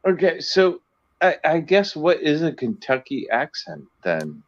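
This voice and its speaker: A man from the US East Coast, near Boston, joining a live stream as a guest, talking in chatty, halting bursts full of restarts. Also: on the high side, very animated, lo-fi sound. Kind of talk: casual live-stream chat.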